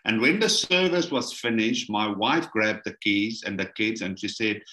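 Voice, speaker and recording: A man's voice: lowish voice, normal speed, bright, forceful tone, echoey room. A middle-aged South African man telling his life story in an interview, acting out the voices of the people in it. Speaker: guest telling his testimony.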